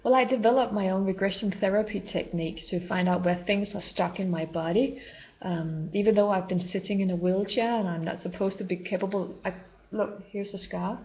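A woman's voice: medium pitch, fairly even intonation, a little fast. A woman vlogger talking unscripted to camera about spiritual healing, rambling and loosely structured. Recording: dull lo-fi home video sound.

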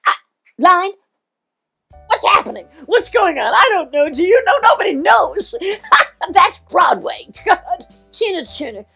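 A woman voicing a scatterbrained older showbiz diva in a comic impression, talking in an excitable, rambling, gushing way. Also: extremely high pitch, a little slow, gravelly, soft background music, full character voice. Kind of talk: comic celebrity impression monologue.

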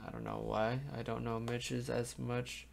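A man's voice: medium pitch, completely flat delivery, a little slow, gravelly, a little hiss or hum. A young man giving casual, rambling commentary on music for a reaction video, sleepy and yawning, often trailing off into ums and restarts. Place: home room in front of a webcam. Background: faint music playing.

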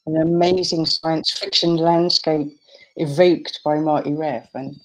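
A woman with a notably low voice talks as a guest author. She rambles with eager enthusiasm and drops casual slang into easy conversation. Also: fairly even intonation, unhurried, low-quality recording. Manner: enthusiastic, chatty, British slang. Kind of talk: casual chat.

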